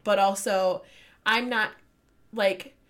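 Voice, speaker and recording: Animated, swearing woman chatting about books. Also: mid-range voice, slow. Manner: animated, swears freely, retells scenes excitedly. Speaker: book podcast host. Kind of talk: casual chat.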